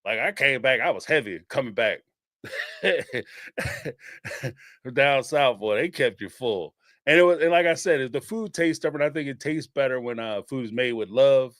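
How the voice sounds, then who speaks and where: A man's voice: medium pitch, moderate pace, a bit bright, dry recording, clean studio sound. A male host from the northeastern United States with a blend of Northeastern and Southern US accents, telling stories in casual chat, laughing often and swearing casually. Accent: mix of Northeastern US and Southern US. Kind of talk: casual commentary answering viewers.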